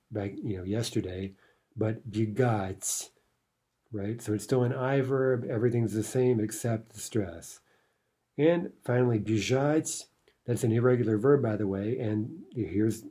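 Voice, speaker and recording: A man's voice: lowish voice, dark tone, husky. A man teaching Russian grammar in a recorded lesson, explaining step by step and often checking in with "right?". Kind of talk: recorded lecture walking through a workbook.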